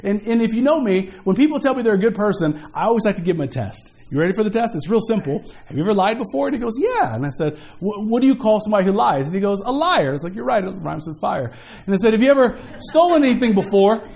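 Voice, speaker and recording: High-voiced animated preaching man. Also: fast, creaky. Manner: animated, jokey, conversational preaching. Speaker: pastor. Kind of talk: sermon with storytelling.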